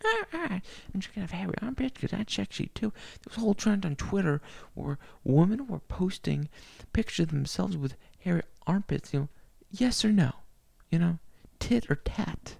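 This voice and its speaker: Gravelly, foul-mouthed man ranting. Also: high voice, sing-song, moderate pace, hardly any pauses, darkish tone, no echo. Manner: crude, rambling, heavy swearing. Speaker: podcaster. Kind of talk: profane solo rant. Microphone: laptop mic.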